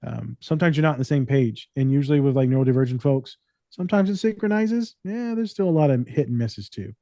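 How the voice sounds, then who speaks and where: A therapist and podcast co-host telling stories in casual, profane, joking chat. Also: male voice, medium pitch, lively intonation, quick pace, dark tone, dry recording.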